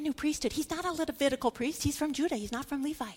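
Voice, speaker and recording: An animated woman teaching scripture with a slightly high voice. She talks emphatically, repeats words for stress, and acts out the quoted lines. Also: quick pace. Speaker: Bible teacher.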